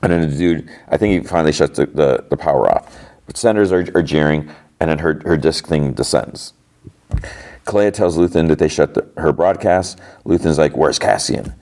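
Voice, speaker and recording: A man's voice: rumbling low, darkish tone. A man hosting a podcast, casually recapping a TV episode scene by scene and quoting the characters' lines as he goes. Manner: retells scenes with lots of "he's like" and quick quoted lines.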